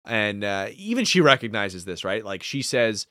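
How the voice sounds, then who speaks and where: A man co-hosting a podcast, talking in an animated, profane, casual way. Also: fairly low pitch, normal speed, clean tone, dry recording, studio quality. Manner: animated, profane, laughs often. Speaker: podcast co-host. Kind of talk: casual chat.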